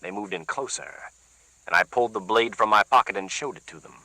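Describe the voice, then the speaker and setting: Stern, slow old man of eighty-six read by a male narrator, bright and dry. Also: fairly low pitch, dry recording, poor audio. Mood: grave. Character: 86-year-old man, stern, wise and defiant.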